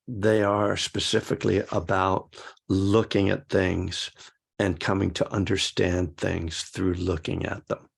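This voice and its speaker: A man teaching a meditation class, talking in a halting, reflective way with frequent restarts. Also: low voice, creaky, husky. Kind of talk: casual dharma talk to a class.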